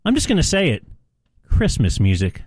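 A male radio co-host who reacts with big, excited cheers and then introduces the next singer. His voice is lively and swings widely in pitch. He sounds keen and talks in quick bursts. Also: a crowd in the background. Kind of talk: comedy radio banter.

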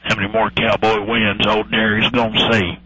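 A man's voice: fairly low pitch, flat delivery, normal speed, close to an everyday voice, rough recording. A man doing a comic impression of an aging, boastful football team owner who rambles through folksy one-liners on a radio show. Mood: mock-mournful. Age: older. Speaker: guest.

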